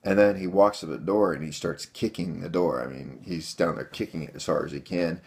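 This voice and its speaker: A man's voice: low voice, fairly quick. A man telling a personal story to his viewers in a rambling, casual way, full of fillers. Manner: rambling, many fillers, addresses viewers as guys. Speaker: vlogger telling a home defense story.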